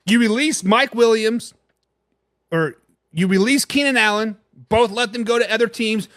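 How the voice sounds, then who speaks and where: A brash, opinionated man hosts a live NFL talk stream, reading fan comments and answering chat directly. He has a high, twangy, fairly bright voice at a moderate pace, recorded with studio quality and no room sound.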